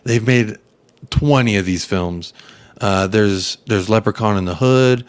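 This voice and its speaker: A man's voice: on the low side, unhurried, smooth, no room sound. A man co-hosting a casual late-night fan chat, rambling and making crude jokes. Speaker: podcast co-host.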